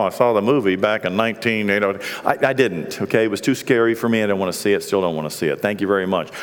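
A middle-aged man preaching a sermon as pastor, swinging from hushed, quiet stretches to loud, impassioned peaks. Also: mid-range voice. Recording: long reverb of a large hall.

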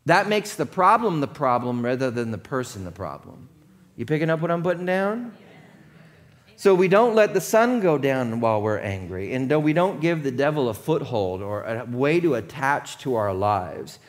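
A man's voice: a little high, very animated, measured pace. A man preaching a sermon as pastor, conversational and often checking in with his congregation.

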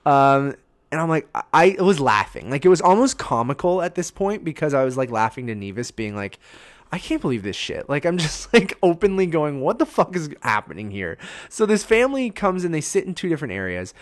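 A man, co-hosting a casual podcast chat, telling a story in an animated way, swearing and acting out his own reactions. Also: fairly high pitch, a little fast. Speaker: podcast co-host.

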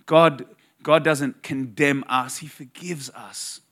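A man's voice: a little high, steady tone, fairly bright tone. Earnest man preaching a story sermon. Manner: earnest, conversational storytelling with slow emphatic phrases. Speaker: pastor.

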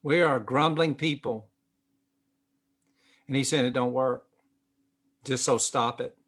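A man's voice: medium pitch, unhurried, a bit bright. A man preaching a sermon as pastor, emphatic, repeating phrases with fillers and restarts. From United States.

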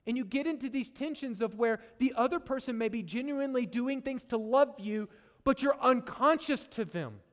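A man's voice: very high-pitched, normal speed. A middle-aged man preaching a sermon to his church, conversational and joking, tagging lines with "right?". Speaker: pastor. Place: church sanctuary. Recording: long reverb of a large hall.

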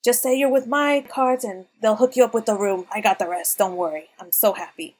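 A woman voicing a cheerful, excitable male dwarf merchant who gushes and shouts with glee. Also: fairly high pitch, a little fast, breathy edge. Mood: happy.

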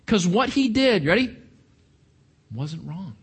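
Animated man preaching a sermon. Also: high voice, takes it slowly, husky. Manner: animated preaching with repeated words and restarts. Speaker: pastor.

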